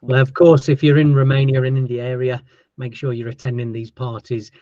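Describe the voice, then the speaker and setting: A man hosting a casual livestream chat as a label owner, chatty and thankful, his voice going hoarse. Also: medium pitch, level tone, a little fast, warm tone, no echo, dull audio. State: losing his voice.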